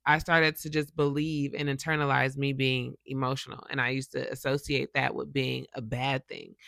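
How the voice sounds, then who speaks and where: A woman gives a casual motivational talk, chatty and animated, often checking in with her listeners. Her voice is bright and forward, with a gravelly fry underneath. The sound is close and dry, with little room in it. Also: deep voice, no echo. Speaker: motivational YouTuber and podcast host.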